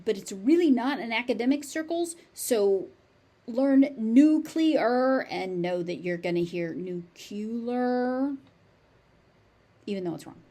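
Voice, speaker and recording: Slow, deliberate American woman teaching pronunciation. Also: medium pitch, warm tone. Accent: General American. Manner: repeats each word slowly and deliberately. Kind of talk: slow, carefully articulated pronunciation lesson.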